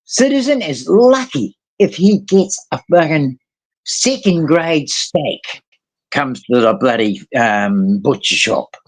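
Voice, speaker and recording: Slow and fairly high-pitched with big swings in pitch, this man speaks with a blend of New Zealand and Australian accents. He's a guest on a live voice chat, ranting heatedly and casually, swearing a lot and drifting into fillers.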